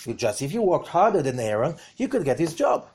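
A man teaches Torah in a slightly high voice with a breathy edge, talking a little fast. He's animated, uses rhetorical questions, and moves between loud emphasis and soft remarks.

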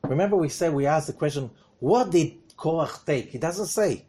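A man with a slightly high, husky voice teaches Torah at a normal speed. He's animated, asking rhetorical questions and swinging from loud stresses to quiet observations.

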